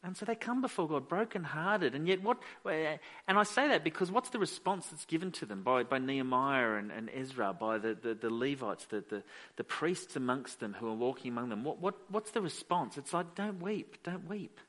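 A man's voice: medium pitch, animated, a little fast, a bit bright. A man preaching a sermon as pastor, emphatic and repeating phrases for weight.

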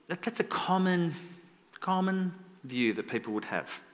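A man preaching in a conversational, self-deprecating way, telling stories and getting animated when he quotes people. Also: high voice, unhurried. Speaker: pastor. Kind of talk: sermon storytelling. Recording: long hall reverb.

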